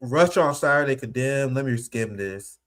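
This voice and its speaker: A man's voice: mid-range voice, lively intonation, normal speed, a bit bright. A man from the American Midwest giving emotional, exasperated live political commentary on his stream, swearing casually and near tears.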